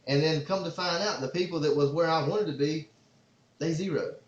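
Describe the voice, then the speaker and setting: A man hosting a podcast, telling a long story in a casual, excitable, rambling way. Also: fairly high pitch, normal speed. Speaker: podcast host and father. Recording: roomy, slightly dull sound.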